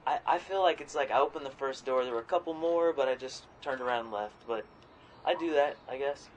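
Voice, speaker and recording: A man co-hosting a podcast in casual chat, rambling and swearing freely, sometimes jumping into loud quoted voices. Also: mid-range voice, brisk, muffled recording, a little hiss or hum. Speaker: podcast co-host.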